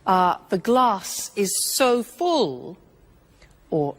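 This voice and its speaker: Woman English teacher, deliberate and expressive, slow pace. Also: mid-range voice. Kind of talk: English lesson explanation.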